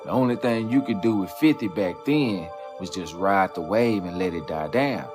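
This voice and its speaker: A man with a low voice tells the story in a lively, rising-and-falling way. Music plays clearly behind him. He keeps the listener hooked with rhetorical questions. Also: moderate pace. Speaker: commentary narrator. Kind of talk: scripted narration over music. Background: background music.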